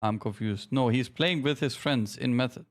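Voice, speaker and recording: At a medium pitch and moderate pace, a male streamer leading his game team talks casually with viewers. His manner is jokey and self-deprecating, and he keeps calling out instructions to his teammates.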